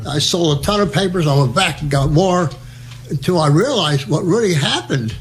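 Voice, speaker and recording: A man's voice: fairly high pitch, normal speed, fairly bright tone. Chuckling old man spinning wartime yarns. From New Jersey, USA. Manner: rambling and anecdotal, chuckles, restarts. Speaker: war veteran interviewee. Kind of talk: oral history storytelling.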